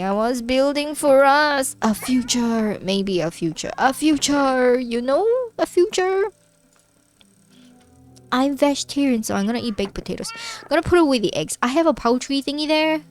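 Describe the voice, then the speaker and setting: A woman casually chatting to herself and her viewers while she plays a game, playful and talking to the animals on screen. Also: mid-range voice. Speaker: streamer. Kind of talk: casual gameplay commentary.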